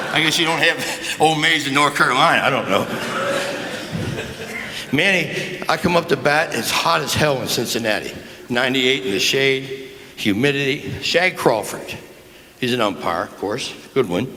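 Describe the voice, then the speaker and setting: A man in his seventies telling folksy, crude after-dinner stories into a handheld mic in a large banquet hall, acting out the people he quotes. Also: mid-range voice. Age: 70s. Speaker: guest speaker. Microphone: handheld microphone. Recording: echoey banquet hall with faint noise.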